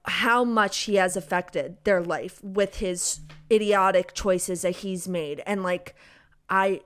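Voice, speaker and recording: A young woman co-hosts a podcast, casually chatting about a novel and constantly saying "like" and "literally." Her voice is medium in pitch and clean, and she talks slowly.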